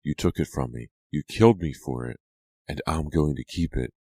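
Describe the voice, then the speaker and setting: A man's voice: a bass voice, normal speed, mellow, no room sound. A man reading the part of a scarred, vengeful teenage girl ghost in an audiobook, with a cold, commanding manner. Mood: accusing.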